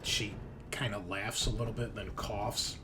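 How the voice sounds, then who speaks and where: A man's voice: lowish voice, steady tone, a little slow, music in the background. A man narrating as game master of a tabletop role-playing game, hesitant with many fillers.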